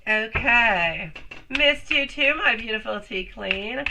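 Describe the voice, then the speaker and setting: Against a noisy background, a woman's slightly high, gravelly, expressive voice comes through at a slow pace. She's doing a live tarot reading, chatty and affectionate with viewers she calls "sweetie" and "love," her voice still a bit off as she recovers.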